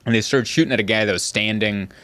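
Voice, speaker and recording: A man hosting a casual comedy podcast, telling stories and jumping into high acted quotes. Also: quick pace, smooth. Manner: animated storyteller, jumps high into acted quotes. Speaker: podcast host.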